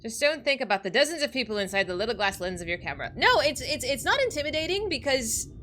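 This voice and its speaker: A woman's voice: high voice, big pitch swings, quick pace, fairly bright tone, slight background noise. A woman streaming a video game, chatting casually with viewers, giggly and emotional, often laughing through tears, with many restarts. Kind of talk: casual livestream chat while gaming.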